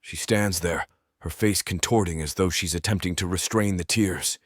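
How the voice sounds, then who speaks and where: Deep-voiced male audiobook narrator. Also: no room sound, clean studio sound. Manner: measured, reflective reading. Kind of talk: first-person audiobook narration.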